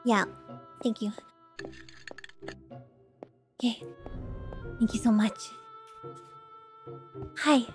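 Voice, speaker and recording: A woman streaming a video game in casual chat, excitable and giggly, talking freely with her viewers. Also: on the high side, extremely slow, long pauses, faint music behind.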